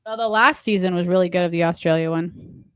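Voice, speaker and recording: A woman co-hosting a podcast in casual chat, ranting with halting restarts. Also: fairly low pitch, a bit bright, clean tone, dry recording. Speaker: podcast co-host.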